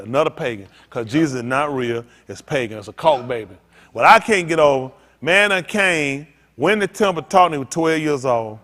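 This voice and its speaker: A man in the pulpit, preaching loose and full of jokes. His voice sits high for a man and leaps all over the place, climbing and dropping as he riffs and calls out to the congregation. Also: fairly quick. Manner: animated, joking, talks to the congregation. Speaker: pastor. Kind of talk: freewheeling preaching with comic asides.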